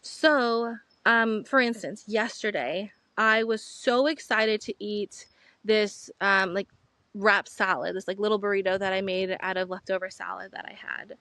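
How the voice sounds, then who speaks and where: A woman's voice: medium pitch, fairly even intonation, unhurried, bright, forceful tone, no echo. A young woman hosting a podcast, telling a rambling, chatty story as she talks outdoors on a rock at the end of a trail. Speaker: podcast host. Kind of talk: casual vlog monologue.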